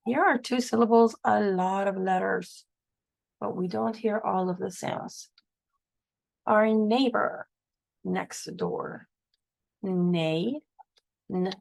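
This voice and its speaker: A woman's voice: mid-range voice, gravelly, dry recording, rough recording. A woman teaching a phonics lesson, patiently sounding out words and spelling them letter by letter.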